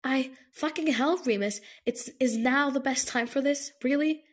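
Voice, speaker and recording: A woman's voice: a little high, fairly even intonation, measured pace, darkish tone. A woman reading an audiobook, voicing an agitated, grieving young man who snaps and curses. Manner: snapping, exasperated, curses often. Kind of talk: audiobook character voice.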